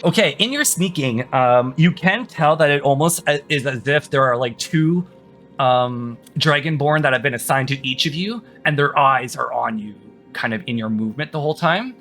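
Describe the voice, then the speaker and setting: A man's voice: medium pitch, animated, moderate pace, fairly bright tone, faint music behind. A man narrating a tabletop role-playing game as dungeon master, casual and full of fillers.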